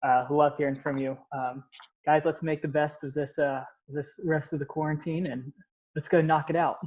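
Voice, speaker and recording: A man's voice: a little high, flat delivery, normal speed, a little mellow, highs cut off. A man co-hosting a podcast, upbeat and casual. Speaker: podcast co-host.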